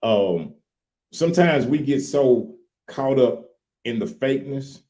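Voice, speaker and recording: A man, co-hosting a casual chat in a folksy, animated way. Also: medium pitch, slow pace. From Louisiana. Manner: animated, repeats "look here", folksy. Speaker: co-host.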